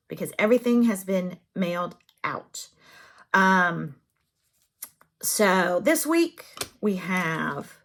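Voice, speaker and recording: A woman's voice: mid-range voice, a bit bright. A middle-aged woman with a Southern US accent, hosting a craft channel in casual, chatty, encouraging vlog talk. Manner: chatty and encouraging, drawn-out phrasing.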